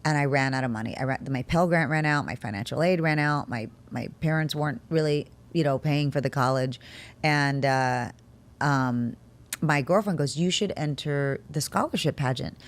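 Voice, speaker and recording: A woman from Texas, an interview guest telling a casual story, animated, laughing often and acting out what her family said. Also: deep voice, normal speed.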